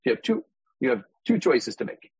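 A man's voice: mid-range voice, sing-song, moderate pace, creaky, darkish tone, husky, dry recording. A man as a guest on a real estate podcast, talking animatedly and acting out voices and examples. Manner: demonstrative, acts out inner voices, uses props as metaphors. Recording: dull muffled podcast audio.

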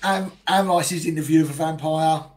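A man's voice: fairly high pitch, fairly even intonation, normal speed, a little mellow. A man in casual chat, blunt and crude with dry put-downs. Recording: faint background noise.

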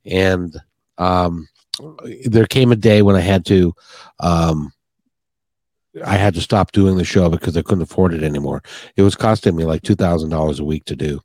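Podcast host, male, rambling and sincere, slightly low, dry close recording. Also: normal speed, long pauses, a little mellow, no echo. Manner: rambling, earnest, with many restarts. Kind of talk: heartfelt podcast interview chat.

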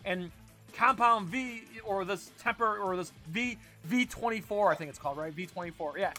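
Excitable high-voiced man who swears a lot. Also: moderate pace, soft background music. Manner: excitable, swears freely, trails off into mumbles. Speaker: podcast co-host. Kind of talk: casual chat.

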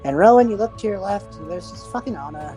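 A woman narrating a tabletop game as game master, animated and swearing as she tells the story. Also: mid-range voice, quick pace, faint music behind, poor audio.

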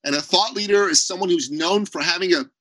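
Guy on a video call podcast, high voice, punchy and blunt, no room sound at all. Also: brisk, dry recording, low-quality recording. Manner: emphatic, blunt, animated storytelling. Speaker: podcast guest, business owner. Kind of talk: energetic interview talk.

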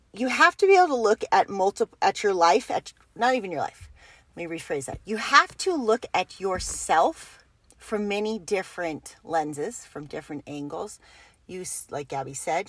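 A woman's voice: lowish voice, dry recording. A woman co-hosting a personal growth talk, chatting casually and rephrasing her thoughts as she goes. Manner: rambling, restarts and rephrases mid-thought. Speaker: co-host of a personal growth group. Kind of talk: casual podcast chat.

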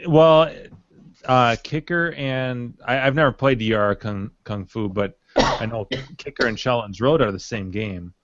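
A man's voice: mid-range voice, a little slow, lo-fi sound. A man hosting a casual group chat over a video call, hesitant, with many restarts and trailing off. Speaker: podcast host.

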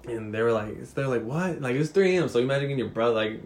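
A young man telling a story in casual chat, animated and profane, laughing often. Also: mid-range voice, very fast.

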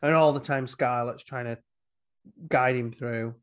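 A man's voice: mid-range voice, steady tone, measured pace, clean tone. A man co-hosting a casual chat, retelling a film scene by scene in a rambling, jokey way, breaking into silly voices. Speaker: podcast co-host recapping a film.

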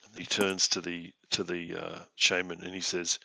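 A man narrating a tabletop game as game master. His voice is low and gravelly but bright and forceful. The sound is dry and close. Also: monotone, dry recording. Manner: halting, many fillers and restarts.

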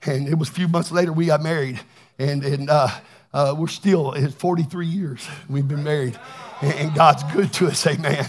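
Older male pastor, husky high voice, fervent sermon with shouted peaks. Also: steady tone, normal speed, faint music behind. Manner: fervent, shouting in bursts, chatty asides. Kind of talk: Pentecostal sermon.

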